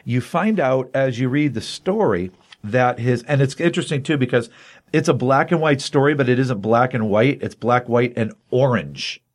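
A man hosting a casual comic book review podcast, retelling the plot in an animated storytelling way. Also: mid-range voice, moderate pace.

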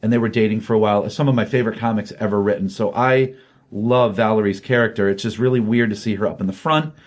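A man's voice: on the low side, steady tone, fast. Rambling man recapping a comic. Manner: rambling, chatty, lots of ums and you-knows. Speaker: comic book reviewer. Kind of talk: casual recap of a comic issue.

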